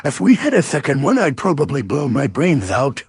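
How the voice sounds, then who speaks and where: A man voicing a bouncy robot announcer in a Tigger-like cartoon voice, raspy and hooting. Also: medium pitch, wildly swooping pitch, moderate pace, slight background noise. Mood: gleeful. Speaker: show announcer.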